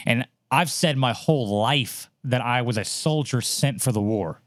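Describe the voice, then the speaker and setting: A man chatting casually as a podcast co-host, swearing freely and telling animated stories with mocking quoted voices. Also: mid-range voice, normal speed, few pauses, no room sound, clean studio sound. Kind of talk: casual chat.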